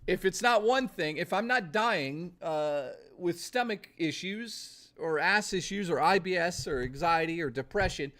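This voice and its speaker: A young man rants through a casual live stream, swearing freely and laughing things off. His voice sits a little higher than most men's. He mixes exasperation with easygoing chat. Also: expressive, fairly bright tone. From Canada. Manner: profane, ranting, quick to laugh.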